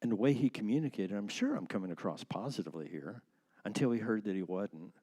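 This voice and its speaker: A man with a lowish, warm and mellow voice talks through ideas in a conversational church class. He builds his points with everyday metaphors and checks that his listeners follow. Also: animated, fast talker, breathy edge. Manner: thoughtful, explains with everyday metaphors. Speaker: church teacher.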